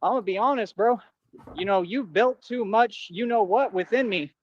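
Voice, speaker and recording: Man, high voice, defiant street talk, muffled replayed clip. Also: normal speed, slight background noise. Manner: defiant, street slang, calls people bro. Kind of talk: clip played on a livestream.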